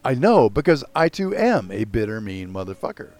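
A man's voice: medium pitch, sing-song, normal speed, darkish tone, no room sound. An older man hosting a casual podcast chat, ranting with lots of profanity and mocking himself.

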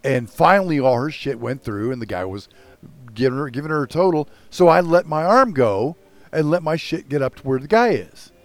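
An older man hosting a loose podcast conversation. He rants with plenty of swearing and mocks himself. His pitch swings widely, in a lively way. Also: fairly quick, dry recording. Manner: profane, ranting, self-mocking. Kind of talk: casual podcast chat.

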